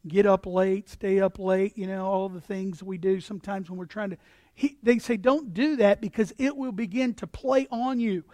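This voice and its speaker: A man preaching a sermon as pastor, animated, acting out voices and repeating words as he builds his points. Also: high-pitched, moderate pace, no room sound.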